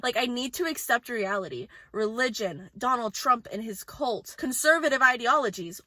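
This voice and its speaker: Young woman ranting in her car, high voice, bright and sharp, filming on her phone. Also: no room sound. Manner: fast, animated venting. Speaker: vlogger. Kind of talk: casual rant to camera. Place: inside her parked car.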